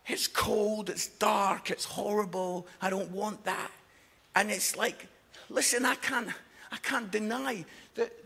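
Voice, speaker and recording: A man's voice: extremely high pitch, gravelly, bright, forceful tone, husky. A man preaching a sermon, passionate and emphatic, with jokes along the way. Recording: long echoing hall reverb.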